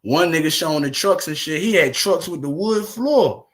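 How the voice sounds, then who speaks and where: Brief: male streamer, fairly high voice, loose profane rambling chat to his viewers. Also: animated, moderate pace. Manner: profane, rambling, laughing between remarks. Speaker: livestream host. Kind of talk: casual livestream chat.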